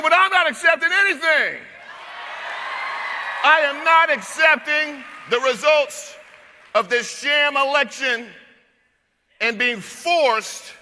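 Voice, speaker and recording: High-voiced man shouting at a rally. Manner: shouting, leads crowd chants. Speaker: guest speaker at a youth conference. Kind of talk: energetic rally speech. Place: large hall with a live crowd. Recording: reverberant hall, loud crowd noise.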